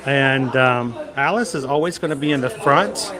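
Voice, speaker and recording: A man hosts a casual walking livestream on a theme park walkway, chatting, rambling and cracking light jokes as he wanders. His voice is medium-pitched at a moderate pace, and a busy crowd can be heard behind him.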